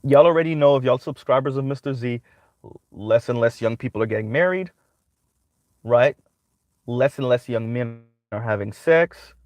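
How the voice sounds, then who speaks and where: A man talks his way through a monologue in a casual, conversational way. He keeps tagging his points with "right?" The sound is dry and close, with no room in it, and his voice sits at a middling pitch. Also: normal speed, no room sound, highs cut off. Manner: conversational, repeats "right?" often. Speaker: commentary channel host.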